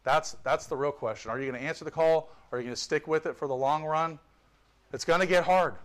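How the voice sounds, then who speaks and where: A man's voice: on the high side, fairly quick, a bit bright. A man preaching a sermon with fervor, reading scripture and adding joking asides. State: tired. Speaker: visiting pastor.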